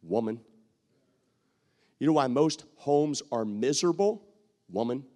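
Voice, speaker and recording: A man preaching a sermon, bantering with the congregation, repeating phrases for emphasis and sometimes shouting. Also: mid-range voice, lively intonation, measured pace, long pauses.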